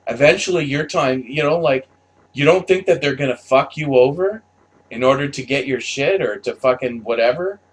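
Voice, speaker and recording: A man's voice: mid-range voice, moderate pace. A man delivering a heated, profanity-filled opinion rant, stammering and repeating himself as he talks. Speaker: commentator.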